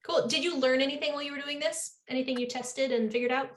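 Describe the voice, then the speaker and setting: A woman's voice: high voice, steady tone, fast. Upbeat woman leading an online class. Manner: upbeat, encouraging. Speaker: workshop instructor. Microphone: video call.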